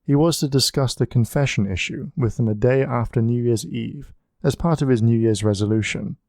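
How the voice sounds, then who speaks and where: Mellow-voiced male storybook narrator. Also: mid-range voice, moderate pace, no echo, clean studio sound. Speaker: audiobook narrator.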